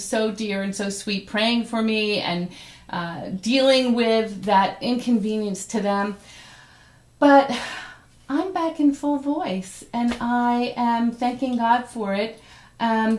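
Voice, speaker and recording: A middle-aged woman hosting a casual devotional talk, chatty and animated, with fillers and restarts. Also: on the high side. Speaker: devotional host and teacher. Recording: roomy echoey room sound.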